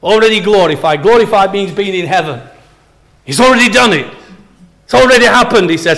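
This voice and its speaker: A man's voice: high voice, expressive, fairly quick, a bit bright, rough recording. A man preaching a sermon, earnest and emphatic, repeating key phrases for weight.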